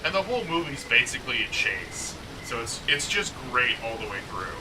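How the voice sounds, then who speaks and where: A man's voice: mid-range voice, sing-song, brisk, noisy background. A man chatting casually as a co-host, rambling with lots of "like" and poking fun at himself. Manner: rambling, lots of "like", self-mocking. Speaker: co-host of a gaming chat. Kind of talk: casual chat. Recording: distant mic.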